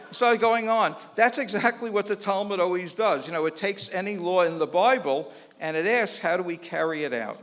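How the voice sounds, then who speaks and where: A man's voice: high voice, a little fast, hardly any pauses. A man, a rabbi, giving a public lecture and telling jokes, acting out the voices of the people in them. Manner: animated joke-telling with quoted voices. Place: lecture hall before an audience. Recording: long hall reverb.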